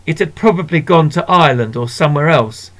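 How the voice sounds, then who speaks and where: A man narrating a children's story in a measured, gentle way. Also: fairly high pitch, expressive. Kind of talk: storybook reading.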